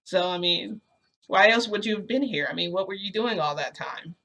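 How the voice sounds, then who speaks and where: A woman's voice: mid-range voice, moderate pace, fairly bright tone. A woman voicing a chatty, cheerful male school principal who talks on insistently, in a casual storytime retelling. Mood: jovial. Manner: talkative, jovial, insistent.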